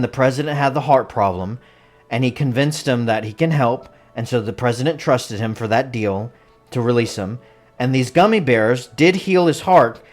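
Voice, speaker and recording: A movie reviewer giving a casual spoken film review, talking in animated, incredulous rants. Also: medium pitch.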